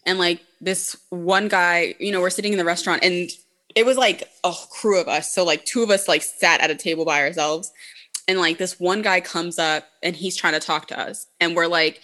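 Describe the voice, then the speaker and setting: Woman, co-host, bright tone, casual chat, blunt, profane. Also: lowish voice, fairly even intonation, moderate pace. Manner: blunt and profane, heavy use of "like".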